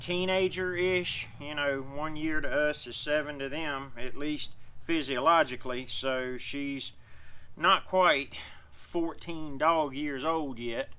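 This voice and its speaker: Bright, folksy man, out of breath. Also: fairly high pitch, fairly even intonation, slow pace, clear, resonant tone. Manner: rambling, explanatory, folksy. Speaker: dog owner vlogger. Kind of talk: casual talk to camera. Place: outdoors.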